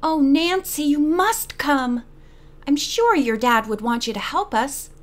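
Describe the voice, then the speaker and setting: A woman's voice: fairly high pitch, very animated, moderate pace, a bit bright. A woman reading as a pleading anxious young friend. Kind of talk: audiobook reading.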